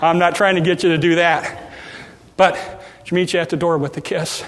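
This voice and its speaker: High-voiced preacher in an echoing hall. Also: male voice, fairly even intonation, normal speed, fairly bright tone, a little hiss or hum. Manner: folksy and humorous, acting out little scenes. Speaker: pastor. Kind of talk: sermon.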